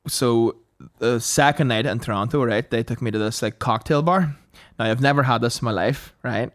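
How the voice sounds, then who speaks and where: A young adult man, a podcast co-host telling a sweary, animated story in casual banter. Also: medium pitch, normal speed. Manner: sweary, animated storytelling with mocking quoted voices.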